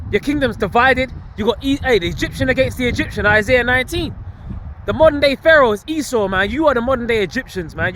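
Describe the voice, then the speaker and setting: A man's voice: extremely high pitch, a bit bright, a little hiss or hum. A man preaching casually and emphatically while on a walk outdoors, with slang and frequent laughs. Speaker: street preacher vlogging. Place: outdoors on a walk among greenery.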